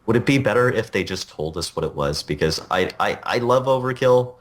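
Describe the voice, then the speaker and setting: A man's voice: lowish voice, animated, fairly quick. A young man co-hosting a casual gaming podcast, sarcastic and joking as he talks. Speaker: podcast co-host.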